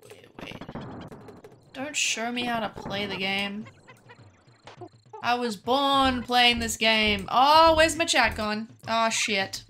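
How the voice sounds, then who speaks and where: A woman streamer chatting casually to her viewers while gaming, swearing freely. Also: mid-range voice.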